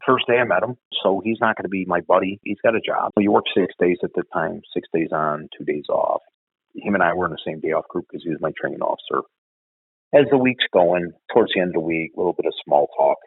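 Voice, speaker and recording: This ex-cop from Chicago speaks deep, fast and husky, with no echo, though the audio comes through a tinny phone line. In casual chat he spins stories that are blunt, profane and lively.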